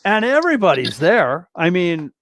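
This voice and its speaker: A man's voice: high-pitched, normal speed, no room sound. A man, a guest drummer, telling stories in a casual interview, rambling and acting out other people's lines. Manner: animated, acts out other people's lines in a raised voice; rambling, many restarts and fillers. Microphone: video call livestream mic.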